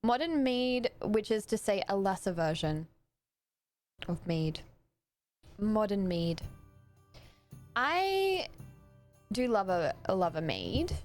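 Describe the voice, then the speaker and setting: A woman's voice: mid-range voice, animated, slow, pauses often, darkish tone, faint music behind. An Australian woman streaming a game, chatty and giggly, talking casually over it. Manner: chatty, giggly, slips into silly voices. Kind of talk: casual gameplay commentary.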